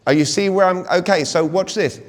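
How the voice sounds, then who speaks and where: A British man in his forties giving an energetic live sales talk at a conference, constantly quizzing the audience. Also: high voice, a little fast. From Britain. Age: 40s. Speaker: conference speaker. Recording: long reverb of a big hall.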